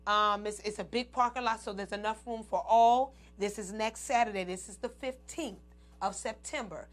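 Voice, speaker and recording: Chatty woman host talking to her viewers. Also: mid-range voice. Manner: chatty, laughing, addresses "y'all" and "ladies". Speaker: show host. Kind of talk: casual chat to viewers.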